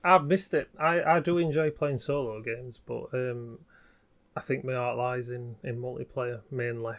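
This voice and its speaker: A man's voice: mid-range voice, fairly even intonation, unhurried, fairly bright tone. A man, co-hosting a casual chat podcast in an easygoing, agreeable way. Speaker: podcast co-host.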